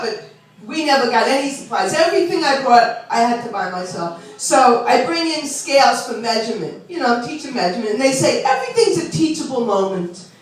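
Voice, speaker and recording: A woman doing a chatty, self-deprecating stand-up set and teasing the audience. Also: fairly high pitch. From Long Island, New York. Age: 60s. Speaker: stand-up comedian. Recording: echoey club room from far off.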